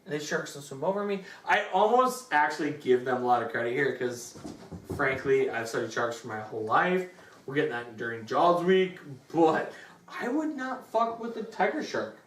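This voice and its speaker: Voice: medium pitch, moderate pace. Crude, rambling movie reviewer. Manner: rambling, crude, animated storytelling. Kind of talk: comedic movie review chat. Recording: roomy room, distant mic.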